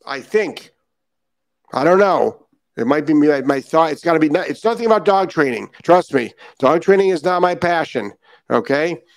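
A man's voice: fairly high pitch, lively intonation, moderate pace, dry recording. A middle-aged man hosting a casual morning podcast, talking bluntly and emphatically and repeating his points. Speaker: podcast host and dog trainer.

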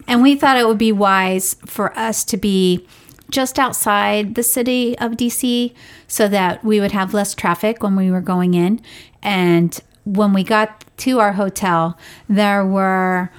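A woman's voice: medium pitch, steady tone, unhurried. A woman co-hosting a podcast, chatting casually and rambling through a family travel story. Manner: chatty, rambling, laughs while telling stories. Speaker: podcast co-host and parent.

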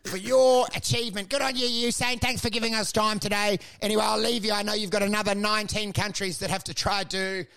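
A man's voice: sits high, steady tone, fast, hardly any pauses, bright, forceful tone, smooth. An Australian man putting on an overly chummy Aussie sports reporter, hearty and slangy. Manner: hearty, slangy, over-the-top.

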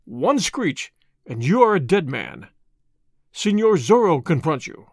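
A man voicing a bold masked highwayman who gives stern commands, read as an audiobook. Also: very animated, unhurried, vocal fry, no echo, studio quality, heavily acted. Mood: commanding.

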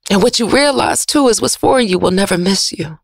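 A woman radio host, giving an emotional, preachy motivational monologue that swings from loud to soft. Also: medium pitch, animated, a little fast, vocal fry, breathy edge, no echo.

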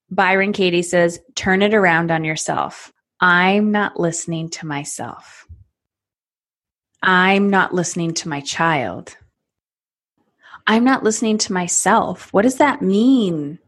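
A woman in her thirties, a parenting coach, talking in a podcast conversation and acting out little scenes in different voices. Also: fairly low pitch. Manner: animated, acts out scenes with voices.

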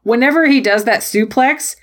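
A woman's voice: a little high, moderate pace. A woman co-hosting a podcast, recapping wrestling matches in a playful, jokey way with goofy quoted voices. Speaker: podcast co-host. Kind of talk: casual wrestling recap chat.

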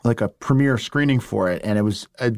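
A man, an actor and screenwriter, telling career stories in a casual interview, animated, with quick asides and frequent laughs. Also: medium pitch.

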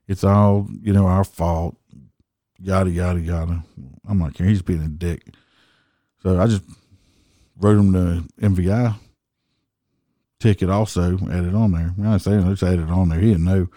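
Middle-aged cop, deep and dark-toned, blunt and profane. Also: male voice, steady tone, moderate pace, long pauses, no echo, studio quality. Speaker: motorcycle police officer, podcast host. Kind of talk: casual storytelling.

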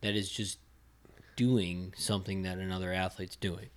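Low-voiced man in casual chat. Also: moderate pace. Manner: relaxed, laughs often, restarts sentences. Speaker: podcast co-host.

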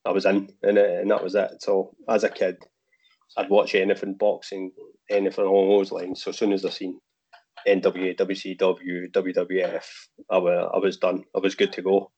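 A man with a low, husky voice chats easily as a podcast guest. He sounds relaxed and laughs often. The audio is muffled and lo-fi, like a remote call. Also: moderate pace. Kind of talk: casual chat.

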